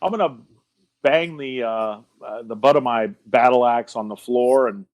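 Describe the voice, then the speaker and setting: A man playing a tabletop game, relaxed and wry as he describes his barbarian's actions. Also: mid-range voice, normal speed, dry recording, low-quality recording. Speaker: player.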